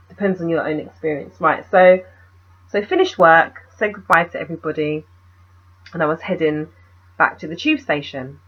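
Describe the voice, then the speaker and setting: A woman's voice: sits low, husky, dull audio. A young woman, telling a story in a casual, rambling vlog and asking the viewer questions.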